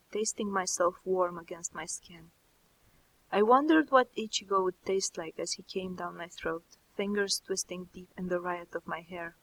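A woman narrating a first-person story in a soft, slow, intimate reading. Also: on the low side, rough recording. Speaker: audiobook narrator.

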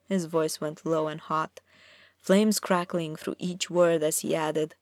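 A woman's voice: deep voice, fairly even intonation, slow pace, dry recording, studio quality. A woman narrating a dramatic fantasy story aloud, reading expressively.

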